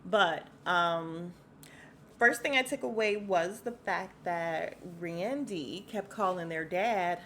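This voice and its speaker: A woman's voice: mid-range voice, takes it slowly, a little hiss or hum. Chatty woman podcaster dishing celebrity gossip. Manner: chatty, animated, laughs often, addresses listeners as y'all. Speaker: podcast host. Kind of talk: casual celebrity gossip rant.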